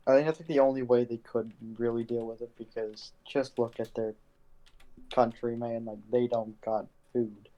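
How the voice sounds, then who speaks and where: A man's voice: mid-range voice, little pitch movement, moderate pace, mellow, dull audio. A young man from Canada, co-hosting a podcast in casual, blunt, opinionated chat.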